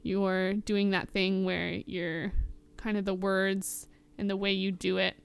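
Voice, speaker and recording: A woman's voice: medium pitch, flat delivery, slow, creaky, clean tone. A woman hosting a podcast, chatting casually about song lyrics and filling her talk with "like". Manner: chatty, many "like" fillers. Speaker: podcast host.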